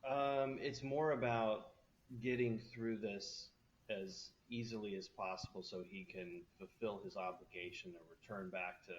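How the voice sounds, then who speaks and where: Measured male co-host. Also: on the low side, steady tone, lo-fi sound. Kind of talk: casual chat.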